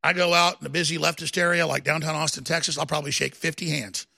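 Gravelly high-pitched ranting man. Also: steady tone, fast talker. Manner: combative, escalates into shouting. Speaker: talk show host. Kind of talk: heated political rant.

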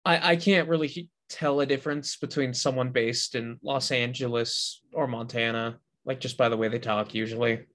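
A man's voice: mid-range voice, steady tone, normal speed, hardly any pauses, a bit bright. A man co-hosting a podcast in casual chat, with a dry, sarcastic sense of humor. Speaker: podcast co-host.

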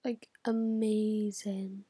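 Husky-voiced young girl vlogging. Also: mid-range voice, flat delivery, extremely slow, warm tone. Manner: chatty, swears a lot, dips into whispers. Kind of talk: casual chat to camera.

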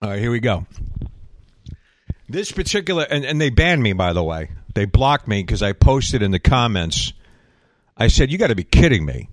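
A man hosting a talk show, telling stories in a casual, sarcastic, animated way. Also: mid-range voice, moderate pace, pauses often, no echo. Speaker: radio show host.

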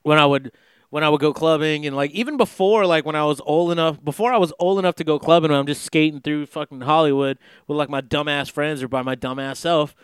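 A man's voice: fairly high pitch, fairly quick, clear, resonant tone, no room sound, clean studio sound. A young man from the Los Angeles area talking in a casual, rambling monologue, profane and full of fillers and restarts. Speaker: podcast host.

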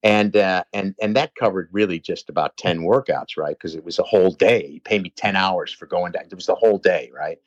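Man, low voice, animated storyteller, casual chat, muffled dry recording. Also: fairly quick, few pauses, dry recording. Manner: animated, swearing, lively anecdotal storyteller. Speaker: personal trainer telling a story.

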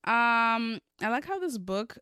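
A woman co-hosting a casual book chat, retelling scenes in an animated way and acting out the characters. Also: a little high, takes it slowly, smooth, no room sound, studio quality. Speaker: book podcast co-host.

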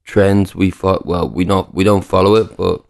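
A man who tends bar, talking in a blunt, relaxed way and swearing casually as a podcast guest. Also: low-pitched, normal speed, vocal fry. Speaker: bartender guest.

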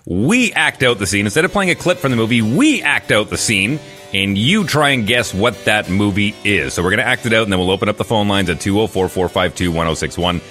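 A male morning radio host with a bright, forward voice explains a call-in movie game. His delivery is upbeat and lively, with faint music underneath. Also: lowish voice. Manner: brisk, upbeat presenter.

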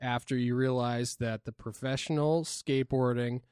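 A man's voice: mid-range voice, fairly even intonation, normal speed, darkish tone, smooth, no room sound, clean studio sound. A man hosting a podcast, asking rambling, playful questions. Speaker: podcast host. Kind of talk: casual podcast chat.

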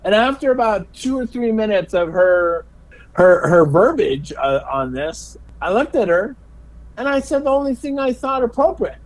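Over poor audio, a high-pitched middle-aged man tells stories at a moderate pace in a casual interview. He teaches special education, laughs as he talks, and often repeats words in his animated telling.

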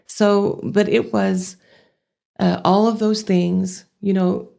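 A woman's voice: mid-range voice, little pitch movement, takes it slowly, vocal fry, mellow. An older woman from Amarillo with a Texas accent, a guest telling her story earnestly in a casual interview.

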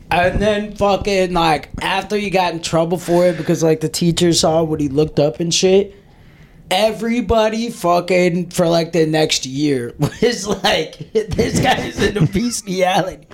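A man's voice: high voice, measured pace, a little hiss or hum. A man in his twenties, telling rowdy stories on a podcast, swearing freely and laughing as he goes. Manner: profane, excitable, laughs while telling stories. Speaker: podcast host. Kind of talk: casual storytelling chat.

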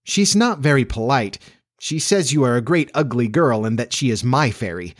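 A man's voice: mid-range voice, lively intonation, normal speed, lightly acted. A man voicing a cocky, boastful boy who never grows up, in a lifted boyish voice. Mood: tattling.

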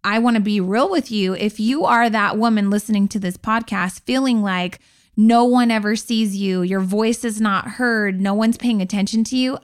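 A woman co-hosting a podcast in a frank, animated way, jumping higher in pitch to make a point. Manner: frank, animated, rising to high pitch for emphasis. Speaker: podcast co-host. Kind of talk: casual podcast chat.

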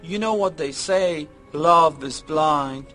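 A man's voice: fairly high pitch, slow, a bit bright, faint music behind. A man voicing a sheltered, petulant young boy in a comedic parody dub, with overwrought, whiny outbursts. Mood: melodramatic.

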